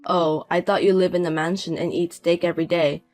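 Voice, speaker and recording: A man's voice: a little high, little pitch movement, a little fast, darkish tone, soft background music, natural voice. A man in his fifties voicing a broke, desperate ex-husband who talks in a pleading, self-pitying way, in a narrated audio drama. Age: 50s.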